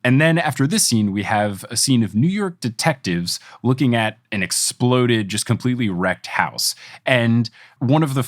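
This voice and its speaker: A young adult man from New Jersey hosting a podcast, chatting casually, animated, laughing often and jumping into high put-on voices. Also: dry recording, clean studio sound. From New Jersey, USA. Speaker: podcast host. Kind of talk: casual chat.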